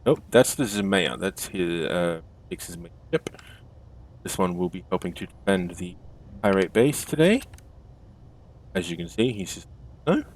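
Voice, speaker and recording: A man's voice: low voice, very animated, measured pace, long pauses, a little mellow. A man hosting a game stream, chatting casually and correcting himself as he goes. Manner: chatty, self-correcting, laughs easily. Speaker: stream host.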